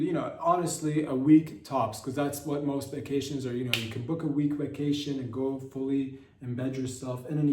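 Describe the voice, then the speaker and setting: A man's voice: mid-range voice, distant mic. Rambling man riffing in a roomy space. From Canada. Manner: rambling, deadpan mock-serious. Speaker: podcast host. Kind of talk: comedic news riff.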